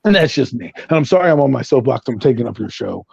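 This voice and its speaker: A man's voice: mid-range voice, sing-song, fast talker, creaky, darkish tone, husky, no echo, lo-fi sound. A fired-up man on a sports talk show, ranting with heavy profanity about his team. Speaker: guest, Giants fan. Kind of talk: heated sports rant.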